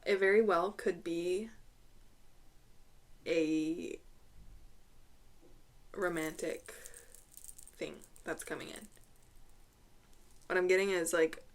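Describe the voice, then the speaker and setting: Slow, halting woman giving a tarot reading. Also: fairly low pitch, fairly even intonation. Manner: halting, with repeated words and throat clearing; soft, hushed drops when naming cards. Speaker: tarot reader. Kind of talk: intuitive tarot reading to camera.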